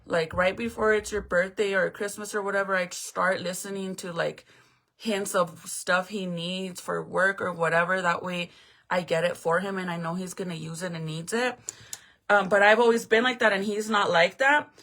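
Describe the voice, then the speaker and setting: A woman's voice: lowish voice, fairly even intonation, normal speed, fairly bright tone. A woman in her thirties chatting casually on a livestream to her viewers, emotional and close to tears. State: tearful. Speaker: livestream host.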